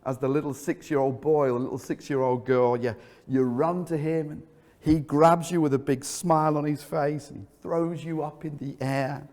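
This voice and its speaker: A man preaching in a church hall, his voice sitting a little high and trailing off in a long reverb. He tells the story with animated energy, then sinks low and quiet to drive a point home. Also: normal speed. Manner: storytelling, vivid and animated, drops low for emphasis. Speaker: pastor. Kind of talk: sermon.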